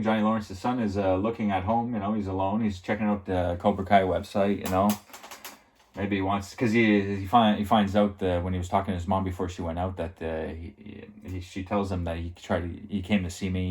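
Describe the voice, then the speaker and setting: A man with a slightly low voice recaps a TV episode off the cuff. He rambles and leans on filler words, chuckling often as he goes. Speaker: TV show reviewer.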